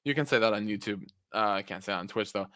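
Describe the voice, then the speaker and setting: A young man chats on his podcast in a bright, forceful voice, recorded close and dry. He rambles from story to story, stumbles over his own words and swears freely. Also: on the low side, fast talker, dry recording. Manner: rambling, self-interrupting, swears often. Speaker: podcast co-host. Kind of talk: casual chat.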